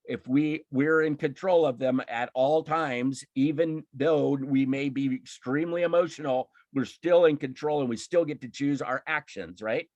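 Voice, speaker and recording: This man leads a live online emotional intelligence class with fired-up, emphatic energy, laughing often and restarting his sentences. His mid-range voice has a darkish tone and moves at normal speed with few pauses, recorded with no room sound and the highs cut off.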